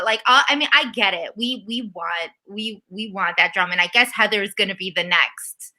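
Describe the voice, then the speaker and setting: A woman co-hosting a casual recap chat, ranting animatedly and mocking people with quick impressions. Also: medium pitch, bright, forceful tone. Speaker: podcast co-host.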